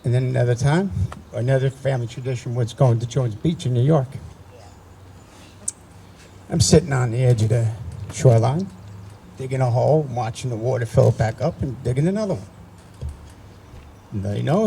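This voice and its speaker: A man's voice: mid-range voice, fairly quick, creaky, pauses often, mellow, a little hiss or hum, poor audio. A man in his sixties from New Jersey, speaking at a memorial ceremony and telling family stories in a conversational way, with frequent restarts. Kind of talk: personal storytelling speech.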